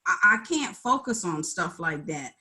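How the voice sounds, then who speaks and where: A middle-aged woman on a video call, speaking in an earnest, tired, halting way. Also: on the low side, very animated, bright, forceful tone. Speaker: call participant, artist. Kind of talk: candid group video call.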